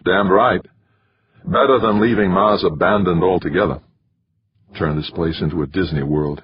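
A man voicing a brash, blunt male mission boss in an audiobook, talking forcefully and scornfully with a raspy voice. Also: low-pitched, fairly even intonation, moderate pace, highs cut off. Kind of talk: audiobook character voice.

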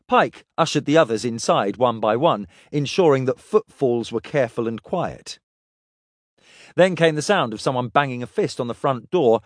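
Man narrating an expressive audiobook. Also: medium pitch, no echo, studio quality. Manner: expressive, voices characters.

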